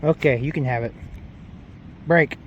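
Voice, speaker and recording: A man's voice: on the high side, measured pace, lo-fi sound, slight background noise. A man casually narrating his beekeeping work outdoors, rambling and breaking off to talk to his dog. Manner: relaxed, rambling, talks to his dog between steps. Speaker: beekeeping vlogger.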